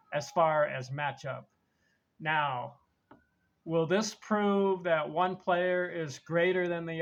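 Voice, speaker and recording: A man's voice: fairly high pitch, fairly bright tone, highs cut off. A man hosting a sports talk show, reading down a ranking list and stressing his points as he teases the reveal. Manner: emphatic, teasing the big reveal. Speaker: podcast host. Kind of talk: countdown ranking monologue.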